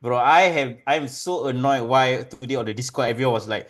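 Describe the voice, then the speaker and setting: A man co-hosting a podcast in casual chat, teasing and jokey in quick banter. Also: mid-range voice, fairly bright tone. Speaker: podcast co-host.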